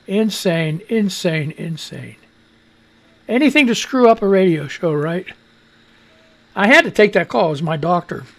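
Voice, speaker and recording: Wheezy, gravelly man ranting on radio. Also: high-pitched, sing-song, normal speed, fairly bright tone. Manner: rambling, exasperated, sarcastic. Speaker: radio show host. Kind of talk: casual political commentary.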